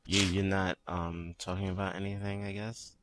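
Man, podcast co-host, deep voice, relaxed brief replies. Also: normal speed, a little hiss or hum. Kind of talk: casual podcast chat.

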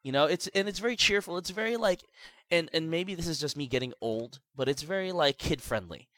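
A man's voice: a little fast, no room sound. A man chatting casually about video games as a podcast co-host, rambling with lots of restarts and filler words. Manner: rambling, many restarts and "like", animated pitch swings.

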